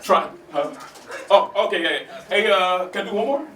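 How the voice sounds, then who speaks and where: A man's voice: high-pitched, lively intonation, moderate pace, bright, forceful tone, recorded from a distance, slight background noise. A man doing a stand-up set at an open mic, talking conversationally to the crowd and laughing at his own jokes, recorded in a roomy small theater from afar. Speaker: stand-up comedian.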